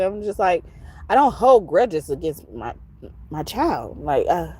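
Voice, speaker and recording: A woman's voice: sits low, big pitch swings, breathy edge. A woman who gives spiritual readings, signing off in a rambling, affectionate casual talk, often ending lines with "okay?" and laughing. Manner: breaks into soft, slow crooning singing. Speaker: tarot reader. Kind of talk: casual spiritual sign-off monologue.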